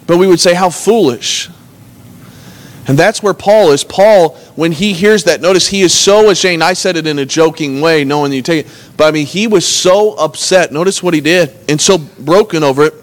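In his sermon, the pastor reads passages aloud with earnest conviction and retells them in ordinary words. His voice is on the high side and moves a little fast.

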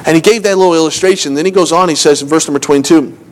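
Pastor, male, higher voice, relaxed storytelling sermon, self-deprecating, restarts lines, reads scripture in old-fashioned wording. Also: very fast. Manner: storytelling, restarts phrases, self-mocking asides. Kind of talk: conversational sermon.

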